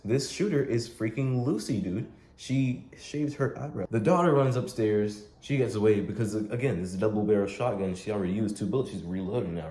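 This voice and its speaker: A man's voice: lowish voice, a little mellow. A young man recapping a movie in a casual, rambling way, full of slang, filler words and swearing. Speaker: movie reviewer. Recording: roomy echo, faint noise.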